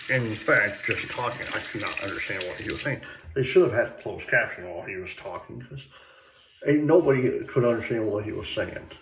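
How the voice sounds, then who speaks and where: Recorded in an echoey bathroom against a noisy background and faint tap water, a Michigan man with a lowish voice vlogs about shaving. His casual talk wanders, packed with fillers and restarts.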